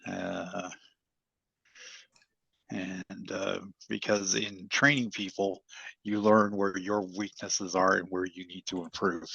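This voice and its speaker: A man's voice: sits low, level tone, slow pace, creaky, a bit bright, husky, no room sound. A man who coaches taekwondo, answering interview questions in an easygoing, rambling way with lots of fillers, heard over a video call. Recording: dull lo-fi call audio.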